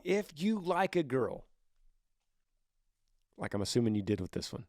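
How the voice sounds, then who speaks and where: A middle-aged man hosting a casual advice podcast, animated and acting out both sides of conversations as he answers listener questions. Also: mid-range voice, moderate pace, no room sound, clean studio sound. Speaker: podcast host.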